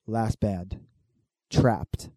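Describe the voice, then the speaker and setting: A man's voice: lowish voice, fairly even intonation, drawn-out words, mellow, dry recording, studio quality. A man in his thirties chatting casually as a co-host, telling rambling stories full of swearing and fillers. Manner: rambling, profane storytelling with lots of fillers. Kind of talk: casual chat.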